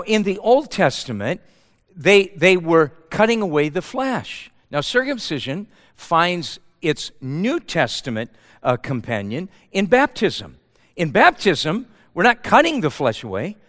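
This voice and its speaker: Man, pastor, sermon, high voice, long hall echo, impassioned, repeats words. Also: very animated, a little slow, fairly bright tone. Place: church.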